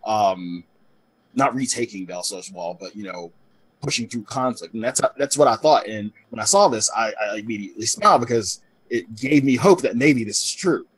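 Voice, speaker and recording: A man's voice: lowish voice, moderate pace, slightly rough. A man co-hosting a casual gaming podcast, rambling a little and repeating words as he works out his thoughts. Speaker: podcast co-host.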